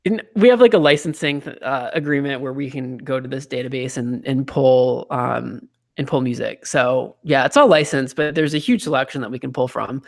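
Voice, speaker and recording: Chatty male host with a gravelly edge. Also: medium pitch, moderate pace. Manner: chatty, lots of fillers and restarts. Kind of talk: casual chat.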